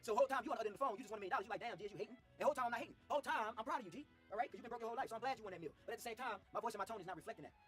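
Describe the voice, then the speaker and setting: A man's voice: extremely high pitch, rapid-fire, few pauses, a bit bright, faint music behind. A man coaching men on social skills in a video clip, preachy and slangy, calling them fellas. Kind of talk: motivational video talk.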